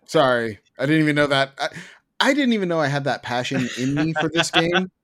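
A man's voice: fairly high pitch, animated, fairly quick, a bit bright. A man co-hosting a gaming podcast, ranting with profane sarcasm at his desk mic. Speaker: podcast co-host. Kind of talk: casual chat, ranting.

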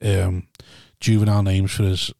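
A man's voice: low-pitched, level tone, moderate pace, creaky, dark tone, dry recording, clean studio sound. A man with a Northern English accent, co-hosting a podcast with self-mocking, crude chat. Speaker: podcast co-host. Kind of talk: casual banter.

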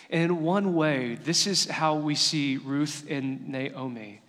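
A man's voice: a little high, slow, hardly any pauses, a bit bright, long reverb tail. A male pastor giving a sermon, telling stories in an earnest, conversational way.

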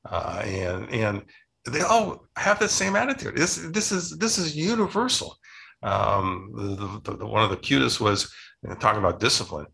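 Older male author, gravelly and sharp-toned, chatty and rambling in interview. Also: on the low side, very animated, moderate pace. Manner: rambling, many restarts and fillers. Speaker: children's book author. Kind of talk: casual interview storytelling.

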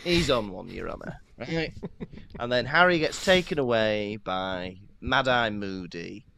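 A man's voice: on the low side, unhurried, creaky, slight background noise. A man co-hosting a podcast, chatting casually and jokily and laughing often. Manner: jokey, animated, laughs often. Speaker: podcast co-host. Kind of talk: casual chat.

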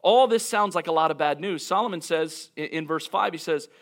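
A man preaching a sermon as a pastor, earnest and reflective, slowing down to stress key phrases. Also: a little high. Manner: earnest, reflective, with frequent restarts and dramatic slowdowns.

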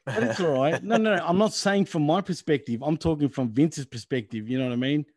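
A man trading jokes in a casual wrestling chat, his voice sitting a bit high for a man. He swears freely and jokes around with a laugh. The sound is dry and close, with no room around it. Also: a little fast, a little mellow, no room sound. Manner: profane, laughing, joking banter. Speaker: podcast co-host.

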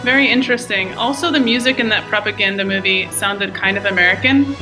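A woman's voice: mid-range voice, fairly quick, music in the background. A young woman co-hosting a podcast, reading prepared analysis of a film with casual fillers. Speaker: podcast co-host.

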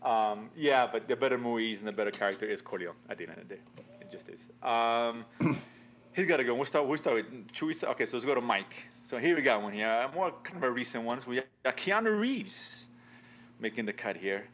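A man's voice: medium pitch, expressive, a little fast, a bit bright, slight background noise. A man hosting a casual podcast chat, leading a game and laughing often. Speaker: podcast host.

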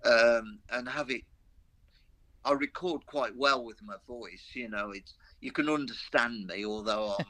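A man's voice: mid-range voice, measured pace, bright, forceful tone. Chatty older man with Black Country accent. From Black Country, English Midlands. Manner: chatty, rambling anecdotes with self-mocking humour. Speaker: veteran rock guitarist, interview guest. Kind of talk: casual interview chat.

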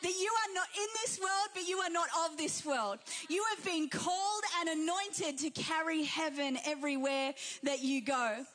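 A woman's voice: high-pitched, normal speed, few pauses, a bit bright. A young woman with an Australian accent preaching a sermon as pastor, repeating key phrases for emphasis.

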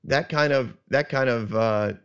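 A man hosting a casual Bible discussion podcast, earnest and halting, with many restarts and soft chuckles. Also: mid-range voice, clear, resonant tone, muffled recording. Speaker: podcast host.

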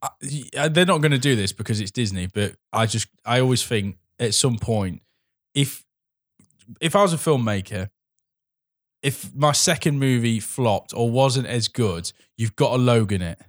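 A man in casual film chat, halting and restarting, then riffing enthusiastically. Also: mid-range voice, expressive, no room sound, clean studio sound.

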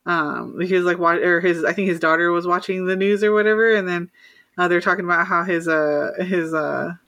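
A man's voice: high voice, fairly even intonation, fairly quick, sharp tone. A man in a casual movie podcast, talking hesitantly with many fillers. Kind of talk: casual movie-review chat.

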